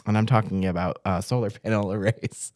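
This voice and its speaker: A man's voice: on the low side, steady tone, a little fast, darkish tone. A man from Massachusetts, a newspaper reporter co-hosting a casual news rundown, joking and laughing often between fillers.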